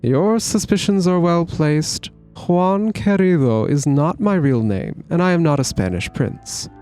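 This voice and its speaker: A smooth, theatrical male bird con man in a video game, voiced by a man reading the lines, spinning his answers in a grand, flowery manner. The voice sits a little high for a man, and faint game music plays beneath it. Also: expressive, unhurried, dark tone. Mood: evasive. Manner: grand, flowery storytelling delivery.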